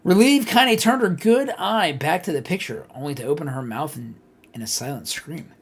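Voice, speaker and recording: A man streaming a live game playthrough, reading the text aloud with animated asides. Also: a little high, moderate pace, slightly rough.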